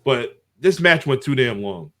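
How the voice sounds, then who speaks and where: A podcast host with a medium, slightly bright voice and big pitch swings talks unhurriedly through a wrestling show. His casual chat is a rambling play-by-play recap, punctuated by an occasional chuckle.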